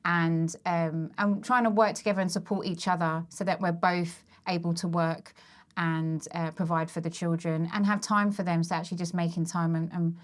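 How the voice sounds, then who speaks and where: A woman in her thirties, a guest on a podcast, speaking candidly and thoughtfully in a relaxed chat. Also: fairly low pitch, moderate pace. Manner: candid and reflective, with many fillers and restarts. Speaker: guest, working mother and business owner. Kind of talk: casual chat.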